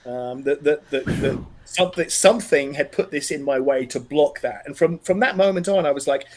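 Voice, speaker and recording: A middle-aged man with an Australian accent recounts a personal story in an interview. His voice sits slightly high, and he speaks earnestly and with animation. He often restarts his sentences. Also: normal speed, hardly any pauses, darkish tone. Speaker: podcast guest.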